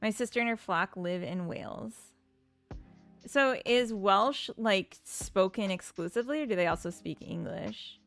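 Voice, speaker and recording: A woman talks to her stream audience as she codes, taking her time over each thought. Her voice sits a little low and has a gravelly fry to it. Faint music plays underneath. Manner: unhurried, chats with viewers and reads their comments. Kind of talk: casual chat while coding on stream.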